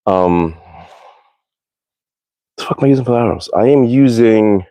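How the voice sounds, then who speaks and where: A man chatting casually to viewers of his live stream, his voice sitting somewhat low. He rambles, swears freely and keeps correcting himself. The sound is close and dry, with no room echo. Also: moderate pace, dark tone. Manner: rambling, profane, self-correcting. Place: backyard outdoors.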